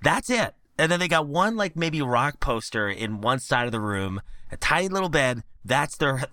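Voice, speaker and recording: Lively, bright-voiced man chatting enthusiastically. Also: medium pitch, normal speed, no room sound, clean studio sound. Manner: enthusiastic, laughs often. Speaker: podcast guest. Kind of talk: casual podcast chat about a cartoon.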